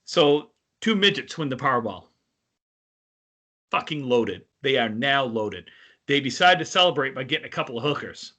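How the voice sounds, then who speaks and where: A man's voice: mid-range voice, expressive, moderate pace, sharp tone. A man co-hosting a podcast, telling crude jokes in casual banter. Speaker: podcast co-host. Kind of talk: casual chat.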